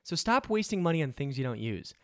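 A man's voice: on the high side, big pitch swings, brisk, dry recording, clean studio sound. Man reading a dramatic podcast ad. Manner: dramatic, mock-intense delivery. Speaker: ad reader. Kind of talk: podcast ad read.

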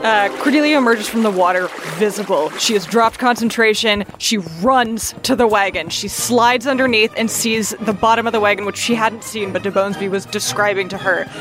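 A woman narrating her character's actions as a player in a tabletop game, brisk and descriptive. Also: medium pitch, over music.

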